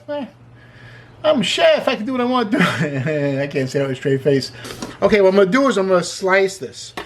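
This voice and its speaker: A man's voice: sits high, slight background noise. A man hosting a casual cooking demonstration in a kitchen, chatty and enthusiastic, with joking asides. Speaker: cooking show host.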